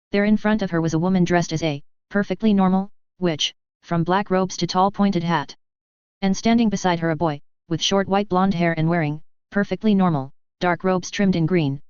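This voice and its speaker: A woman narrating a story in a steady, measured reading voice. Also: fairly low pitch, clear, resonant tone, dry recording, lo-fi sound. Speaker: audiobook narrator. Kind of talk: scripted narration.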